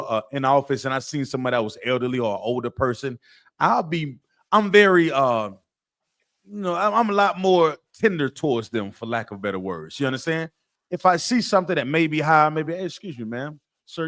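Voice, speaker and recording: A class teacher with a medium-pitched, slightly bright voice leads a scripture class, quizzing students with call-and-response questions and repeating himself to press a point.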